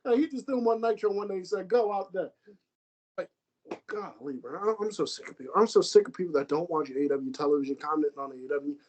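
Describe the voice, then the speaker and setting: An American man talking wrestling on a casual podcast, animated and swearing, repeating himself as he rants. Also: high-pitched, fast talker, rough recording. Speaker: podcast co-host.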